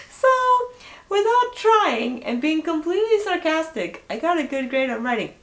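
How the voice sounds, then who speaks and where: A woman's voice: on the high side, very animated, normal speed. A teenage girl in her late teens, vlogging and telling stories in a chatty way, full of "like" fillers. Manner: chatty, filler-heavy storytelling. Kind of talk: casual chat to camera.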